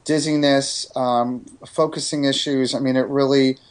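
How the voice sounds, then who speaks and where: Man from New Jersey, medium-pitched, earnest storyteller who restarts his sentences; interview guest. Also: fairly even intonation, moderate pace, clean tone. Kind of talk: casual radio interview talk.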